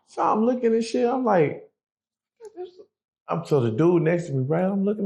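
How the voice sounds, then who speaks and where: A man's voice: fairly high pitch, normal speed, gravelly. A man telling a prison story in a casual, profane way, acting out the other people's voices. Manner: profane, animated, acts out quoted voices.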